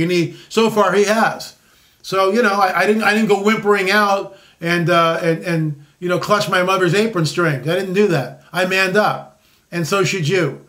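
A man's voice: high voice, steady tone, normal speed, pushed and bright. A man in his sixties hosting a solo commentary show, rambling and sarcastic with frequent restarts. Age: 60s.

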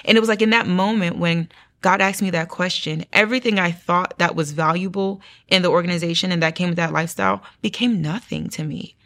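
A young woman tells her testimony in an interview, her voice sitting a little low. She talks in a lively, storytelling way, jumping up in pitch when she acts out her own past words. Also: fairly quick. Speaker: guest sharing testimony.

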